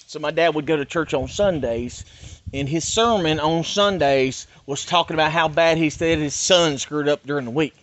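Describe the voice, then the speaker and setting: A middle-aged man from North Carolina, telling a personal story in an animated, emphatic rant. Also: fairly high pitch, moderate pace. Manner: animated, emphatic, swings between loud and hushed. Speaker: YouTuber.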